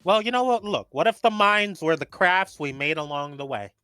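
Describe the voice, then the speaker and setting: A man with a New York accent casting a live esports match, joking and excitable, often stammering into his sentences. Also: high voice, normal speed, smooth, no echo, soft background music. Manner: excitable, jokey, stammering restarts. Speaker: esports caster.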